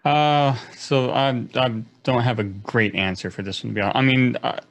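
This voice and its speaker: A man's voice: medium pitch, normal speed, fairly bright tone, no echo. A man game master telling a story on a panel, modest and easygoing. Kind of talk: casual storytelling.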